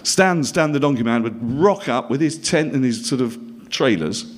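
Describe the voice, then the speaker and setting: A middle-aged man from northern England delivers a stand-up story in a dry, self-mocking way. His voice swings widely in pitch as he drops wry asides to the crowd. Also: expressive, normal speed. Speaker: comedian.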